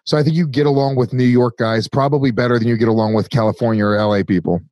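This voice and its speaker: A man's voice: mid-range voice, fast talker, darkish tone, no echo. A man co-hosting a podcast, talking casually and easygoing, laughing along. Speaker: podcast co-host.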